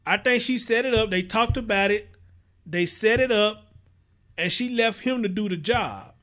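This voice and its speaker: Houston livestream host, high-voiced man, blunt and profane, repeats points, greets chatters. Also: normal speed, a bit bright. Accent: Southern US, Houston. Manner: blunt, profane, repeats himself, reads viewer comments aloud. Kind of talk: casual livestream commentary.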